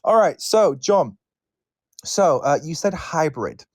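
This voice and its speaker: A British man hosting a casual online chat, playful and quick to laugh. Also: a little high, no room sound, clean studio sound. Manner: animated, laughs often, playful. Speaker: host.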